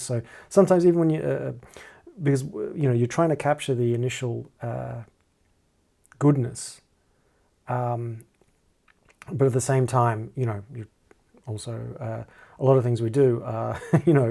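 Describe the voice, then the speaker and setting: Guy mumbling thru a music software tutorial, gravelly voice, lots of ums and restarts, kinda self-deprecating. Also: medium pitch. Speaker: music producer teaching a DAW. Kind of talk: casual screen-recorded tutorial.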